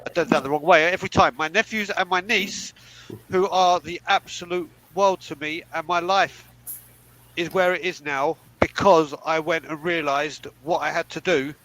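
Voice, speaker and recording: A high-voiced man speaks bluntly and with heavy emphasis, swearing freely as he co-hosts a podcast panel. Faint ambient noise sits under the call. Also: fairly even intonation, moderate pace. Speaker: podcast co-host. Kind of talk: candid panel talk.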